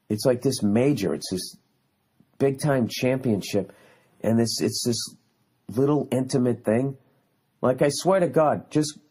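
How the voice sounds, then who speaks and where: A man's voice: on the low side, a little mellow. A man in his forties hosting his own podcast, telling a story in a heated, profane, ranting way. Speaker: podcast host. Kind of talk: casual solo podcast monologue.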